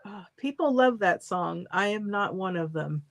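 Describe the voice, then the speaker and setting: A woman co-hosting a casual chat, speaking in a calm, measured way and giggling easily. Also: mid-range voice, dry recording.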